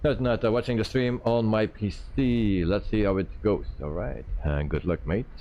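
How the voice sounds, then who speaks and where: Man, very low voice, faint background hum, casual stream talk, many fillers. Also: dull audio. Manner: relaxed, thinking aloud with many "uh" pauses. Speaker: flight sim streamer. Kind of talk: live-stream commentary.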